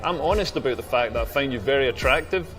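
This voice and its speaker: A man playing a fast-talking smug flirt. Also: medium pitch, expressive, a bit bright, faint music behind, close to an everyday voice. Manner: smug, glib, rapid banter. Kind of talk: full-motion video game acting.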